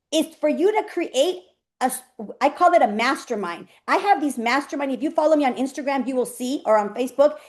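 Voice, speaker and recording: A woman coach speaking on a live video call, chatty and emphatic, laughing often as she motivates her group. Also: high voice.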